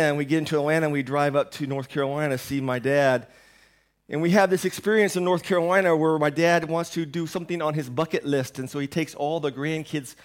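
A man in his thirties preaching a rambling, self-deprecating sermon, while sick with a sore throat and medicated. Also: fairly high pitch. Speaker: pastor. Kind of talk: conversational sermon. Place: church.

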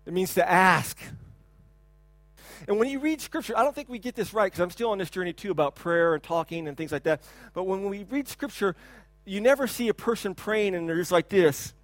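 In a church hall, a pastor in his thirties preaches in a brisk voice that sits high for a man, recorded close and dry with no room sound. His delivery is loose and conversational, full of repeated words and restarts, and he breaks into loud, animated bursts, even shouting to imitate a crying child.

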